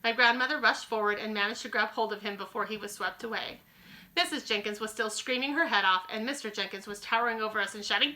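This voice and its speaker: A woman teacher reading a children's book aloud to her class in an expressive, friendly storytelling way. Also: mid-range voice, quick pace.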